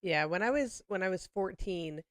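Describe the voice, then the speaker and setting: A woman's voice: fairly low pitch, expressive, dry recording, clean studio sound. A woman co-hosting a podcast, recalling a trip in an easygoing, filler-heavy casual chat. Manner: easygoing, filler-heavy recollection with quick reactions. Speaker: podcast co-host.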